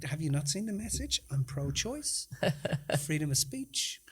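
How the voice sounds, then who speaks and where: A man's voice: a little high, a little slow, slightly rough. A middle-aged man, co-hosting a casual podcast, telling stories with lots of swearing and laughter. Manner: animated, sweary storyteller, laughs often. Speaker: podcast co-host. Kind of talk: casual chat.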